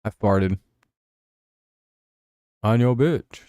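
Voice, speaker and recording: A man's voice: fairly low pitch, drawn-out words, warm tone, clean tone, dry recording, studio quality. A man hosting a casual football talk show, ranting and sarcastic with plenty of swearing. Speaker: host.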